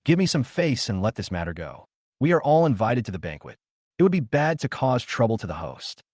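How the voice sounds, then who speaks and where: A man reading the lines of a poised young society woman in a recap story, in a gentle, coaxing way and close to his own voice. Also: mid-range voice, sing-song, a little fast, dry recording.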